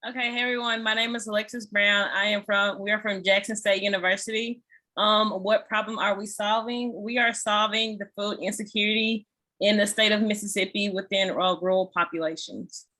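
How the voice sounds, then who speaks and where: A woman's voice: mid-range voice, little pitch movement, fairly quick, pushed and bright. A woman student introducing her team on a video call, with brief, casual answers.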